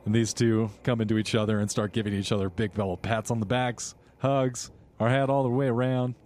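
A man narrating as game master of a tabletop game, describing scenes in a relaxed, descriptive way. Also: fairly low pitch, fairly quick, a little hiss or hum. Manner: descriptive, relaxed, with small restarts.

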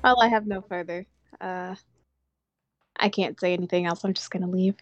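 A woman's voice: fairly low pitch, fairly even intonation, muffled recording, soft background music. A woman playing a tabletop game, talking casually in a blunt, wry way. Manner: blunt, wry and quick to react. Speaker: player.

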